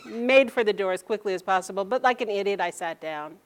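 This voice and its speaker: Woman, storyteller, personal anecdote, animated, acts out quoted people, halting restarts. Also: medium pitch.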